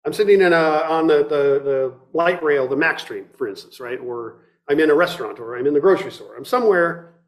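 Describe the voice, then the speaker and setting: This middle-aged man, a meditation teacher, delivers a dharma talk partly read from a book. He speaks in a fairly high pitch, with a thoughtful, measured pace and frequent restarts.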